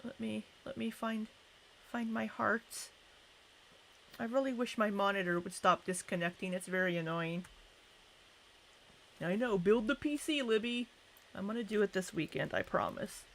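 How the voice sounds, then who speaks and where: A woman's voice: medium pitch, moderate pace, gravelly, long pauses, a little hiss or hum. A young woman hosting a casual livestream, chatting and greeting viewers by name. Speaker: livestream host.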